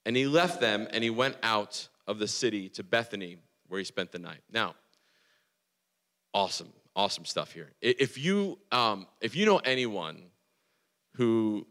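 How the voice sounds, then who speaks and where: A man preaching a casual, excitable sermon, telling a story with many restarts and filler words. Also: fairly low pitch, unhurried, long reverb tail. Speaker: pastor.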